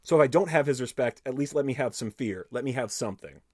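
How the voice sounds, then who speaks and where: A podcast host reads an interview aloud, full of swearing and quoted back-and-forth. His voice sits at an ordinary middle pitch, recorded dry and close with no room around it. He stops now and then to add his own remarks. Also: fast, dry recording. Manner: animated, profane storytelling, switching between reading and commenting.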